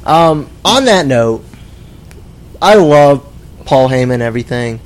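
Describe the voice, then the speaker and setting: A man's voice: medium pitch, animated, a little slow. A man co-hosting a podcast, telling a wry anecdote in casual chat. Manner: storytelling, wry. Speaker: podcast co-host.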